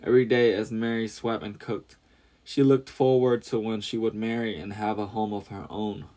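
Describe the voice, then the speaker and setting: A man narrating a storybook tale in a steady, measured reading. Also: fairly low pitch.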